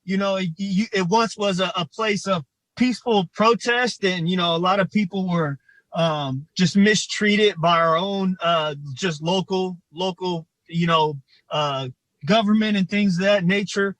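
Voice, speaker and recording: Choked-up man, halting and high-voiced. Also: a bit bright, no room sound, poor audio. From Ohio. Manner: halting, emotional, many fillers. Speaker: community organizer. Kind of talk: livestreamed protest testimony. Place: outdoors in front of a state capitol.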